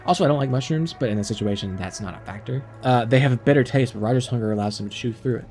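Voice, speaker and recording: A man's voice: mid-range voice, rapid-fire, a little mellow, faint music behind. A man playing a text game on stream, reading the story aloud and adding wry, chuckling commentary.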